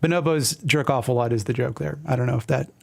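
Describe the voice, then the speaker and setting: A man's voice: mid-range voice, fast talker, vocal fry, darkish tone. A man streaming, reading his old webcomic aloud with wry, self-deprecating commentary. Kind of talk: casual commentary reading a comic.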